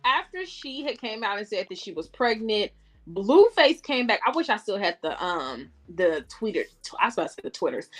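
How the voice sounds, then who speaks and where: A woman's voice: mid-range voice, very animated, brisk. A woman co-hosting a casual podcast, blunt and profane, often laughing. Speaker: podcast co-host. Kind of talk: casual chat.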